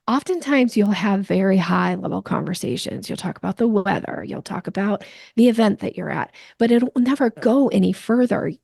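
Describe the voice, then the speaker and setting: Woman with a gravelly voice, dry sound. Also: medium pitch, no echo. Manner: animated, explains with playful examples. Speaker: guest, sales coach. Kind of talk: conversational podcast interview.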